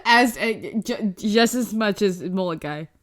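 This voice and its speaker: A woman's voice: mid-range voice, measured pace. A woman co-hosting a podcast, reacting with puzzled, exasperated questions. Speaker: podcast co-host. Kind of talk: casual comedic chat.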